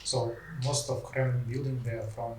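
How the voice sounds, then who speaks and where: A man with a Russian accent, a podcast guest chatting casually, pausing often to search for words. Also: medium pitch, little pitch movement, darkish tone, far from the mic, slight background noise. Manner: halting, searching for words with many uh fillers. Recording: echoey room, voice off-mic.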